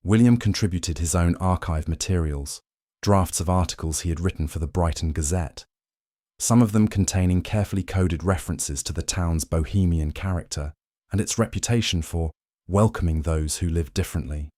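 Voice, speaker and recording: A man giving calm, measured, scripted second-person history narration meant for falling asleep. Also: low-pitched, no echo, clean studio sound. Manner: calm, measured, even storytelling.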